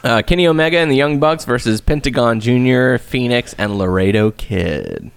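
A man's voice: mid-range voice, normal speed. A man co-hosting a casual podcast, reading out a match list, joking and laughing, a little tipsy from drinking. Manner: gravelly, lively, laughs and jokes. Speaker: podcast co-host. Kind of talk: casual chat, reading out a wrestling card.

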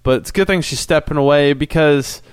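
A man's voice: on the high side, brisk, clear, resonant tone, no room sound. A man in a casual chat as a podcast co-host, cynical and rambling, often restarting his sentences. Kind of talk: casual chat about wrestling.

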